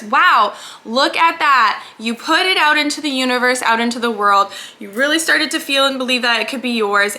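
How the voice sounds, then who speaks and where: A woman coach speaks straight to the camera in an upbeat, emphatic motivational talk. Her voice sits high and sounds bright and forward. She leans hard on key words to spur listeners on. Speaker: business mindset coach.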